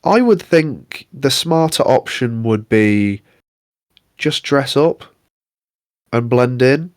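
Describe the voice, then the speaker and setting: A young man rants on a casual podcast, exasperated and swearing freely. His voice sits at an ordinary middle pitch. The sound is close and dry, with no room around it. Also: lively intonation, takes it slowly, no room sound. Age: young adult. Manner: sweary, exasperated ranting with mock impressions. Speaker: podcast co-host. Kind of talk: casual ranting chat.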